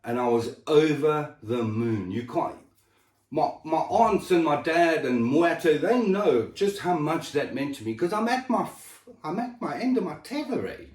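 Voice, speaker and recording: A man's voice: on the high side, animated, measured pace, a little mellow, recorded from a distance. A man pouring out his health struggles in an emotional, raw, sweary chat. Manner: raw, emotional and swearing, with sudden drops in level. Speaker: person sharing his health story. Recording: echoey room, voice set back from the mic.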